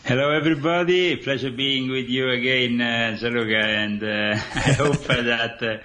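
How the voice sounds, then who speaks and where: A man from Italy with an Italian accent, a guest author speaking haltingly in a radio interview with many pauses. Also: medium pitch, steady tone, bright, forceful tone, slight background noise.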